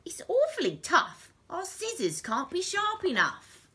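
A woman's voice: very high voice, wildly swooping pitch, a little slow, pushed and bright, pitched above the performer's own voice, exaggerated voice. A woman voicing a fretful, stubborn male thief who complains in a whiny tone in a storybook reading.

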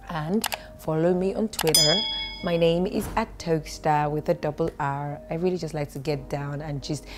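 A woman's voice: lowish voice, dark tone. A woman with a Nigerian accent giving a sassy, mock-preachy comedic rant to her vlog audience. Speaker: vlogger.

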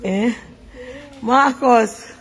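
A woman's voice: on the high side, very slow. A Jamaican woman hosting an emotional live chat, fighting tears and praising God as she talks to her viewers. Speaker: live-stream host. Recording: long reverb, loud crowd behind.

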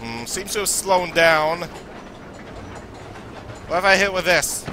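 A man's voice: high-pitched, lively intonation, slow, background noise. A young man from Canada commentating a horror game, nervously talking to himself, his voice a little worn. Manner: nervous, jittery, talks to himself. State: losing his voice. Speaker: let's play gamer.

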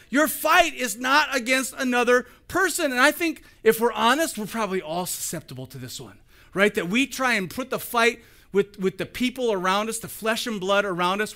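A male pastor giving a sermon, acting out the story and swinging between loud and soft. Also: sits high. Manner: animated, acts out the scenes with shifting volume.

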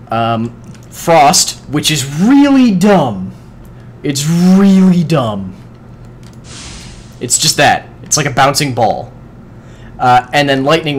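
A man giving casual let's-play commentary as he plays, excitable, swearing often and talking to the game's creatures. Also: medium pitch, slight background noise. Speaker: gaming video host.

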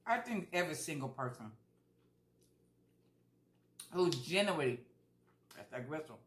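A woman's voice: sits low, very animated, measured pace, echoey room, slight background noise. A woman vlogger talking casually while she eats, chatty and repeating herself for emphasis. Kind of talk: casual mukbang chat.

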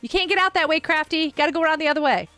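A woman's voice: high-pitched, rapid-fire, pushed and bright, no echo, soft background music. A woman live-streaming a game, chatting and giggling often while answering her chat.

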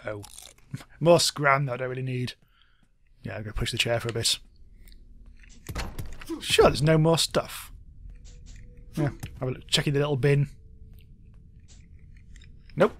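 A man's voice: mid-range voice, measured pace, long pauses, a bit bright, a little hiss or hum. A young man chatting wryly through a let's play, exclaiming at what happens on screen. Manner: chatty, wry, exclaims at game events. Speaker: gaming YouTuber.

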